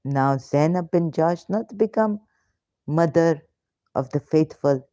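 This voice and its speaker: Her voice is deep and dark, animated yet slow, with no room sound at all. An ex-Muslim host of a live Q&A, she piles up rhetorical questions in an indignant, emphatic way, stumbling through fillers and broken grammar over dull lo-fi stream sound.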